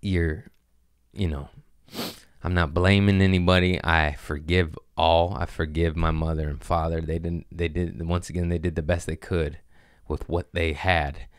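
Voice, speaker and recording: A man with a deep, smooth and resonant voice talks in a loose, rambling podcast chat. He swears freely but stays earnest, circling his thoughts as a comedian guest. The sound is close and dry with no room around it. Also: little pitch movement, a little slow, dry recording.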